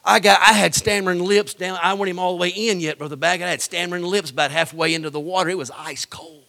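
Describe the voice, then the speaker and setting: A middle-aged man preaching a Pentecostal sermon, telling his own testimony and swinging from quiet storytelling to shouted pleading and whispers. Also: high voice, fairly even intonation, quick pace, creaky.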